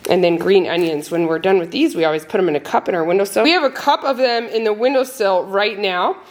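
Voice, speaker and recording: A woman talks casually to her viewers in a chatty, upbeat vlog. She rambles along with plenty of ums and restarts. The tone is relaxed and friendly throughout. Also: mid-range voice, fast. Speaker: homesteading family vlogger. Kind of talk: casual chat to camera.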